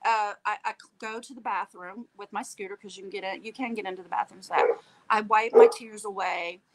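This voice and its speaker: A woman's voice: medium pitch, fairly quick, rough recording. A woman telling a personal story with feeling, acting out the dialogue and often checking in with "okay?". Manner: animated, acts out quoted dialogue, tags lines with "okay?". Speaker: guest telling her story.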